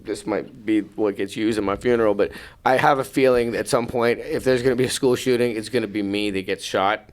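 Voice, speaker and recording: A man who announces BMX shows, telling an animated story in a podcast studio and acting out what people said in loud, raised voices. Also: on the low side, brisk, hardly any pauses.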